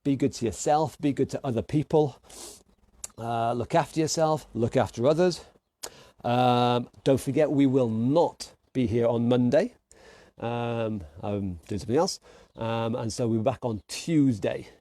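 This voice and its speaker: A man leads an online fitness class, calling out punches and countdowns with cheerful encouragement. His mid-pitched voice is warm and mellow. The sound is close and dry. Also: a little slow, no room sound. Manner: upbeat, encouraging, calls out moves and counts. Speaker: fitness instructor. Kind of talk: online workout class coaching.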